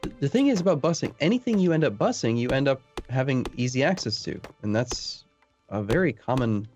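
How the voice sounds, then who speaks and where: A man chatting while playing a multiplayer game, animated and mock-indignant as he bickers with friends. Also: mid-range voice, a little fast, soft background music. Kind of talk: casual multiplayer gaming chat.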